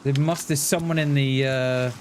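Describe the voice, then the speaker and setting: A man's voice: medium pitch, steady tone, normal speed. A man with a light, washed-out Mid Welsh accent and a mid-range voice talks loosely through a game stream. He drifts between musing on plans and calling out what he sees, and he answers viewers with an easy "mate". A faint hum sits under his voice. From Mid Wales. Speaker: live streamer. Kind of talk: casual gaming commentary.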